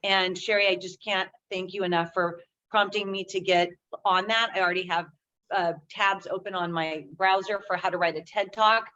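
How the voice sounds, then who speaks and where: A woman's voice: mid-range voice, steady tone, moderate pace, sharp tone. A woman checking in on a casual video call, enthusiastic and rambling with many fillers. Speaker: group member on a call. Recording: dull lo-fi call audio with faint noise.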